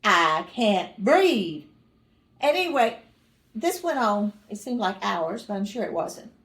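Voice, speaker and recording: A woman's voice: on the high side, big pitch swings, normal speed, roomy sound. An older woman recalling family memories in a rambling, self-correcting way, with dry humor and small chuckles. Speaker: mother recalling family stories. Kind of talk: casual personal storytelling.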